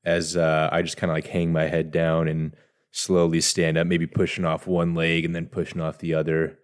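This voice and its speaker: A man playing a tabletop game, softly and hesitantly describing what his character does. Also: very deep voice, monotone, normal speed. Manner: soft, hesitant, full of "uh" and "kinda". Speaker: player.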